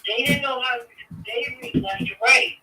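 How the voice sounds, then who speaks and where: Woman rambling thru a story, super bright voice, roomy echo, faint hiss. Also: high voice, sing-song, normal speed. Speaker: guest. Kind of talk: casual chat. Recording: echoey room, distant mic, faint noise.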